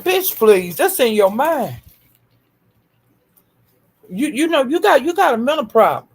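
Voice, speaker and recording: A woman's voice: high voice, very animated, measured pace, husky. A woman hosting a live stream, taunting someone with profane, repetitive insults and calling out to her chat viewers by name. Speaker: livestream host.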